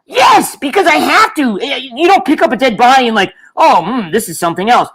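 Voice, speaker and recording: A woman's voice: sits high, lively intonation, brisk, husky, poor audio. Exasperated, put-upon employee, played by a woman; rambling and indignant, improvised comedy.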